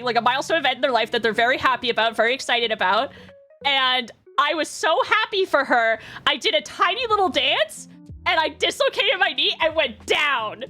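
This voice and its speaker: A young woman streamer telling stories in a casual, excitable way, laughing often and acting out what people said. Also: high-pitched. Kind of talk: casual storytelling.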